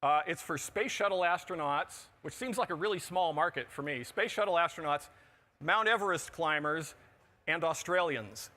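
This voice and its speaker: A man with a bright, forceful voice pitched a little high, presenting at a conference. He delivers his talk with dry, joking asides. He sounds middle-aged. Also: animated, normal speed. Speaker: conference speaker. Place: conference pavilion on a show floor.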